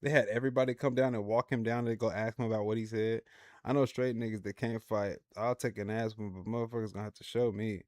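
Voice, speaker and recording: A man hosting a livestream, reacting to clips in casual, slangy, animated commentary. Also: fairly low pitch, fast, no room sound, studio quality.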